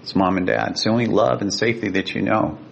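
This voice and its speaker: A man with a gravelly voice, a guest telling a personal story in an earnest, vivid way. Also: fairly even intonation, quick pace. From Sacramento, California. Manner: earnest, vivid, emotional retelling. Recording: dull lo-fi with faint rumble.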